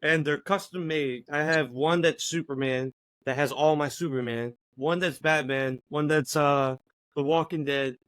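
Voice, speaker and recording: A man's voice: a little high, fairly even intonation, unhurried, fairly bright tone, no echo. A man hosting a podcast, talking in a laid-back, casual way, with lots of fillers and easy swearing. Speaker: podcast host. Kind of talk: casual chat.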